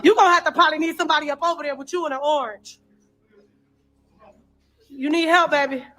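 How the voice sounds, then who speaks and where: A woman filming on her phone while clearing out a dirty house, talking bluntly with lots of swearing and exclamations. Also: sits high, steady tone, quick pace, bright, forceful tone. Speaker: cleanup crew member filming a house. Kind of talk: casual vlog commentary while working.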